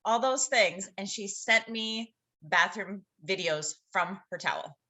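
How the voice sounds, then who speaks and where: A woman's voice: mid-range voice, slow pace, bright, forceful tone. A woman from the audience chatting expressively with the speaker, recorded away from the mic. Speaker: team member from the audience. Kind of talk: casual chat. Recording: distant from the mic.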